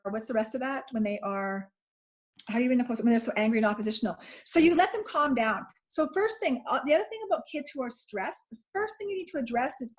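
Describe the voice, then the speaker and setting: A woman parenting coach talking earnestly on a video call, often repeating herself and acting out what she and her child said. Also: sits high. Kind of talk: casual webinar chat.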